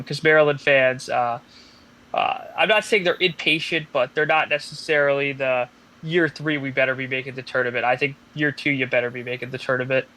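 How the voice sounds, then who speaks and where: Male podcast co-host, mid-pitched, casual opinionated sports talk, halting delivery. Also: a bit bright. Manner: hesitant, lots of uh fillers, opinionated. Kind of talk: casual sports analysis chat.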